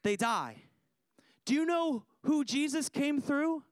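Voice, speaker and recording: A man's voice: extremely high pitch, expressive, slow pace, no room sound. A man preaching a sermon, emphatic, repeating phrases for effect and putting questions to his listeners. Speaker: pastor.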